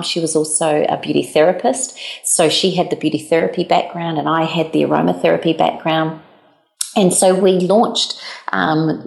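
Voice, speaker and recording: A woman's voice: low-pitched, vocal fry, reverberant. A woman from New Zealand, a business founder, telling her story as an interview guest and acting out the dialogue she quotes. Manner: animated, acts out quoted dialogue.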